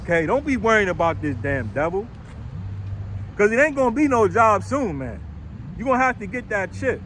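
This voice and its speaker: A man preaching outdoors on a city street, blunt and rough-spoken, hammering each point with "right?" and "man". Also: high voice, big pitch swings, normal speed, a bit bright, a little hiss or hum.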